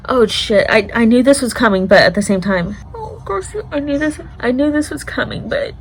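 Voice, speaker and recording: A woman's voice: fairly high pitch, expressive, normal speed, low-quality recording. A woman vlogger reacting to a TV show in casual chat, emotional and swearing often as she talks to herself.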